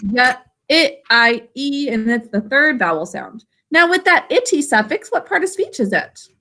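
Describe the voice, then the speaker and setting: Female teacher on a video call: slow and deliberate, bright tone, careful syllable-by-syllable enunciation. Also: sits high, big pitch swings. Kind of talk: online literacy lesson.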